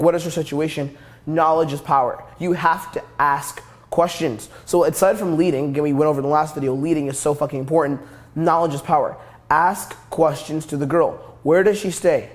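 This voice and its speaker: A young man teaching as a dating coach, brash and profane, hammering his points with repetition. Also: fairly high pitch. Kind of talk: instructional monologue.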